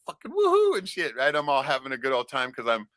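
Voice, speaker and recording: A man from Alaska telling a profane, rambling story in a casual podcast chat, loudly acting out his own shouts. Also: mid-range voice, quick pace, smooth, no echo. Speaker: podcast co-host.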